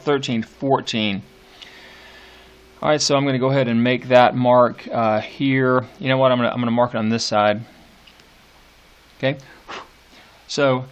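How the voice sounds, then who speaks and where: Man teaching a poem's meter, mid pitch. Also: fairly bright tone. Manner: thinking aloud with frequent fillers and restarts; reads verse aloud slowly, tapping out stresses. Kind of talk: instructional video lecture.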